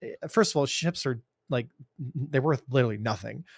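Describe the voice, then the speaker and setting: A man co-hosting a casual gaming podcast, telling stories in an animated, rambling way with many restarts. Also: medium pitch, fast talker, creaky, husky, no echo, studio quality. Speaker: podcast co-host.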